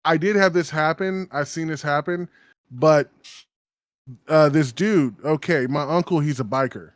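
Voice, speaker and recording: A podcast co-host in his thirties tells a story casually, laughing often and acting out other people's lines. His voice sits on the high side and moves a little slowly, captured dry with clean studio sound.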